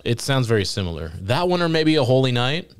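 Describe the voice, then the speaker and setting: A man hosting a casual podcast chat, relaxed, who picks the songs and corrects the others. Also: medium pitch, brisk, clear, resonant tone, no room sound, clean studio sound.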